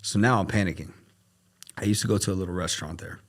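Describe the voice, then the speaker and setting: Man, very low voice, podcast guest, animated storyteller, acts out dialogue. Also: fast talker. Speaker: podcast guest, luxury car dealer. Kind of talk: casual storytelling.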